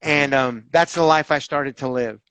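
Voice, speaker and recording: A man telling his own recovery story in an interview, animated and candid, acting out the voices of others and swearing casually. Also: mid-range voice, moderate pace, clean tone, no echo, poor audio. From Southern California.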